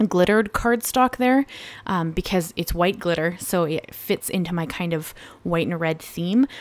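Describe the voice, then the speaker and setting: A woman's voice: mid-range voice, no room sound. A woman narrating a card-making tutorial in a casual, rambling voice-over, correcting herself often. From Canada. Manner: chatty, rambling, with fillers and self-corrections.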